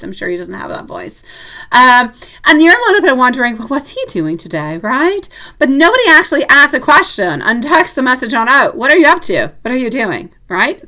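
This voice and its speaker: A woman's voice: medium pitch, bright, forceful tone. A woman hosting a live tarot reading stream, chatting casually with viewers, teasing and laughing often.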